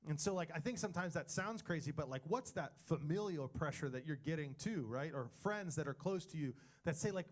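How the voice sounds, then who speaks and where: Animated man telling his side of the story. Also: on the high side, fairly quick, few pauses. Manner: animated storyteller acting out texts and replies. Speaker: interview guest, husband sharing his story. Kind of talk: candid conversational testimony.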